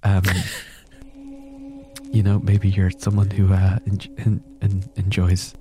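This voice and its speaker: A man hosting a podcast, talking in a hushed, shushing, exasperated whisper as part of a comedy bit. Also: deep voice, huge pitch swings, slow pace. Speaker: podcast host. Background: whale song music.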